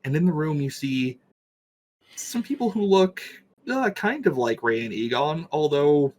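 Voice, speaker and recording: A man's voice: a little high, expressive, a little slow, darkish tone, a little hiss or hum. Casual man running a tabletop game. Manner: casual, full of fillers and swearing. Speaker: game master.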